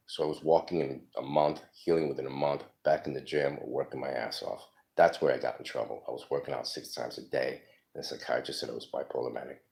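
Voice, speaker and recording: A man in his forties telling stories from his life in a casual, rambling way, halting with many ums. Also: a bass voice, vocal fry, darkish tone. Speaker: storyteller. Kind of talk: casual personal storytelling.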